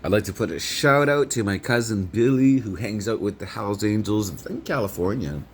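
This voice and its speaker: Deep-voiced man ranting profanely. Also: normal speed, a bit bright. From Canada. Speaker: vlogger. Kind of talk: rambling monologue to camera.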